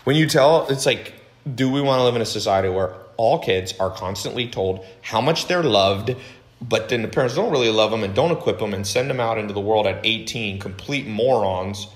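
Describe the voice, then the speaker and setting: A man with a fairly low voice holds forth on his podcast in a casual monologue. He talks bluntly and with energy, swinging between loud stretches and low ones. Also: normal speed. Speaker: podcast host.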